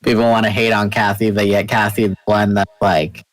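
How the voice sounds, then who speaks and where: A man's voice: on the low side, little pitch movement, a little fast, rough recording. A man who is a guest on a casual book discussion podcast, playful and full of jokey asides.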